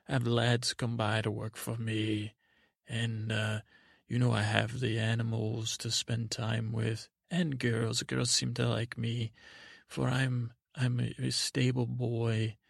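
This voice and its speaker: Brief: boastful young stable boy, rambling and halting, gravelly husky voice, put on by a man. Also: medium pitch, little pitch movement, no room sound, clean studio sound. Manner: rambling, halting, full of fillers.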